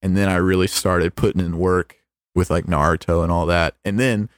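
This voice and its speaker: A man's voice: deep voice, steady tone, moderate pace, no echo, studio quality. A young American man co-hosting a podcast in casual, slangy chat, laughing often. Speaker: podcast co-host.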